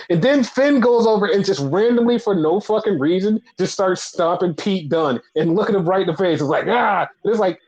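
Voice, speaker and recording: A man co-hosting a casual podcast, animated and profane, acting out quoted voices as he retells stories. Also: high-pitched. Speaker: podcast co-host. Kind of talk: casual wrestling podcast chat. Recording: muffled lo-fi audio.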